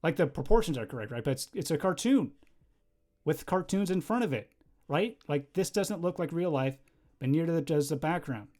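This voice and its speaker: A young man chatting casually on a livestream while he draws, rambling and easily distracted, laughing often and bursting into loud excited exclamations. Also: on the high side, moderate pace. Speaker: livestreaming animator.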